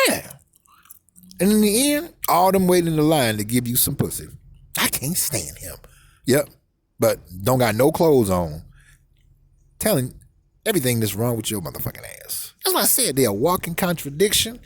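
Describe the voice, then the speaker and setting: Animated ranting man, swooping pitch. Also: no echo. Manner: crude and animated, repeats words rapid-fire, mimics voices and sound effects. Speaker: vlogger. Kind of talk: ranting comedic monologue.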